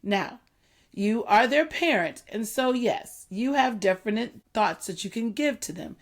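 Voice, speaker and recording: A middle-aged woman hosting a solo talk, earnest and measured, repeating her key points slowly for emphasis. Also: a little high, animated. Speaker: podcast host.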